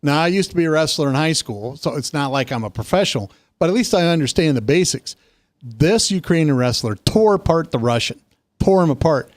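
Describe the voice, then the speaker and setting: A man co-hosting a casual political talk show, telling stories with lively emphasis. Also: no room sound. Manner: animated storytelling, quick pitch jumps. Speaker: co-host.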